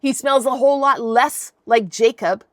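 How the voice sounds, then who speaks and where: A woman's voice: on the high side, moderate pace, no echo, studio quality. A woman hosting a podcast, retelling a Bible story in a chatty, irreverent, slangy way. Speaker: podcast host.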